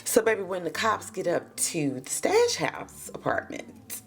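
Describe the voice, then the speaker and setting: A woman's voice: fairly low pitch, huge pitch swings, a little slow. A woman giving a casual, gossipy recap of a TV episode, calling her listeners baby and child.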